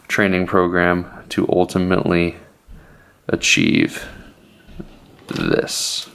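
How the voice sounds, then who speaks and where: A young male fitness vlogger talks straight to his viewers with a deep, low voice. He sounds keen and excited about his subject. He is slightly out of breath as he explains. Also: moderate pace. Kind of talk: casual instructional vlog.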